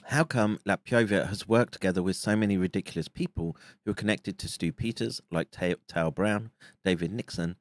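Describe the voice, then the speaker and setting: A man delivering a monologue commentary, halting and restarting with frequent fillers. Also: low voice, dry recording.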